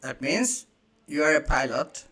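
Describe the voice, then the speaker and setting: A man teaching a beginner lesson, slowly saying each phrase twice and explaining it in English. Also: a little high, bright, forceful tone. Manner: slow, repeats each phrase, spells out examples. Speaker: French teacher. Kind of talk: slow beginner language lesson.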